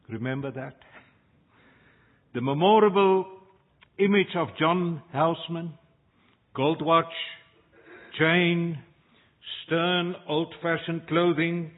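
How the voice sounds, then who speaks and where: A man preaching a sermon as pastor, slow and measured, with dramatic pauses between phrases. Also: fairly high pitch. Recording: tinny phone-like sound.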